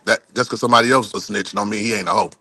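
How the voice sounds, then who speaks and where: A man's voice: on the low side, steady tone, racing, pushed and bright. A man on a casual talk panel who gives blunt, opinionated takes in profane street talk. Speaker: panel guest. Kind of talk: casual talk-show chat.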